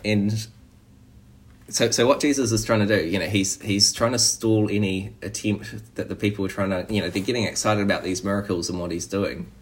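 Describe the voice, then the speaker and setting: Casting: man, low-pitched voice, preacher, conversational sermon with easy restarts. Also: steady tone, brisk. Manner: conversational, frequent "you know" and restarts.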